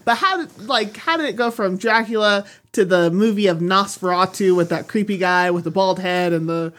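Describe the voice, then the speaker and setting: A woman co-hosting a casual podcast, animated with hesitant fillers. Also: mid-range voice, normal speed. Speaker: podcast co-host. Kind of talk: casual chat.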